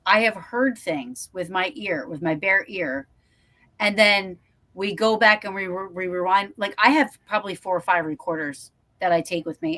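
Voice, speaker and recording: A woman who investigates the paranormal, telling stories in an animated way and acting out quotes in a casual podcast chat. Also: mid-range voice.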